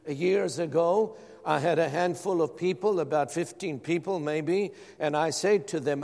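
A middle-aged man preaches a sermon, pressing his listeners with rhetorical questions. His voice sits somewhat high for a man. It rings through a hall with a long reverb. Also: unhurried, gravelly, few pauses, a little mellow. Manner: rhetorical questions, emphatic repetition. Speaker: pastor.

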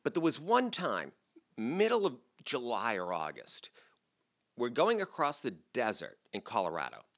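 Lively, bright-voiced older man telling a story. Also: medium pitch, a little slow. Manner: chatty and self-deprecating, with laughs. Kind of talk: live stage storytelling. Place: theater stage before a live audience.

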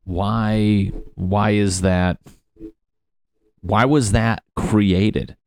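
A man's voice: on the low side, steady tone, drawn-out words, no room sound, clean studio sound. A young man hosting a casual solo podcast, rambling and self-mocking with plenty of swearing. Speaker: podcast host.

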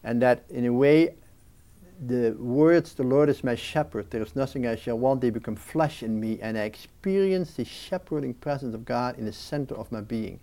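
A man's voice: mid-range voice, normal speed. A man talking earnestly and reflectively about prayer in an interview, often restarting sentences and briefly acting out restless thoughts. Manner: earnest, with frequent restarts and lively mimicking of racing thoughts. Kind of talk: reflective spiritual talk.

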